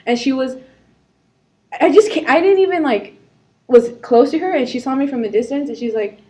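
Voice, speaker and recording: A young woman with a slightly high voice tells stories from her teenage job on a casual podcast, laughing often. She acts out what people said to her as she goes. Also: moderate pace, a little mellow. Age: young adult. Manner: storytelling with frequent laughter and acted-out quotes. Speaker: podcast co-host. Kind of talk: casual chat.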